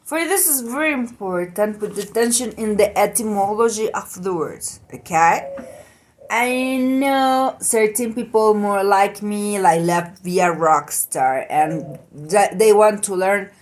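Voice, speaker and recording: Slow, halting woman. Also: mid-range voice, expressive. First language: Spanish. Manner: halting, searching for English words. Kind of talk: casual monologue.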